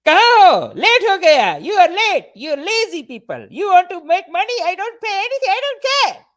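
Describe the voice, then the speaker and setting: A shrill, bossy older mother, as a man puts her on shouts at her cleaners in sprinkled with Hindi. The voice is pushed far up in pitch and swings wildly. It plays as a comic bit. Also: huge pitch swings, moderate pace, exaggerated voice. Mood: yelling scolding.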